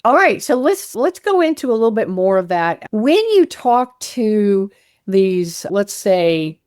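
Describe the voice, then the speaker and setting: A woman hosting an interview, asking questions in an expressive, casual way, often with a laugh. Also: medium pitch, a little slow, no echo, clean studio sound. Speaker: podcast host.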